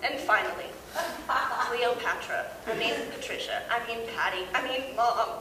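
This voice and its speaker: A young woman doing a stand-up comedy set in a large hall before a live audience. She tells stories in an animated way and often breaks into laughter, and she is heard from far off with loud audience noise. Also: a little high, normal speed. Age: young adult. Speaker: student comedian.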